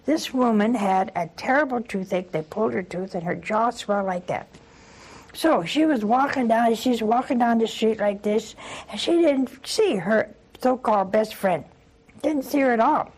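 An older woman with a husky voice hosts a religious call-in show as a nun. She talks earnestly, repeats herself for emphasis and acts out the people in her stories. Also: on the high side, moderate pace, a little mellow, poor audio. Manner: earnest, with acted-out anecdotes and repetition. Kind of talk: call-in religious talk with storytelling.

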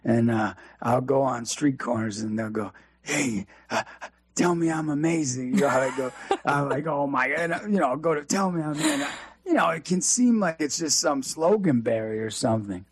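A man guest telling an energetic, preachy story and acting out the dialogue in it. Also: medium pitch, normal speed, husky, dry recording. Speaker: youth speaker and guest. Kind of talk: storytelling in a faith talk interview.

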